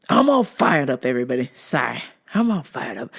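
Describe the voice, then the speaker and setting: A woman hosting a solo podcast, ranting loudly and swearing freely in casual chat. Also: a bass voice, big pitch swings, fairly quick, vocal fry, hardly any pauses, husky. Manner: profane, loud, fired-up ranting. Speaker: podcast host.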